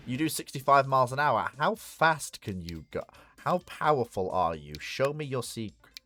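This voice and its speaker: A mid-pitched man talking his way through a strategy game on a live stream. He rambles, mutters to himself and chats to the on-screen vehicles in a self-mocking way. Faint music plays underneath. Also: lively intonation, measured pace, sharp tone. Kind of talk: casual live-stream commentary.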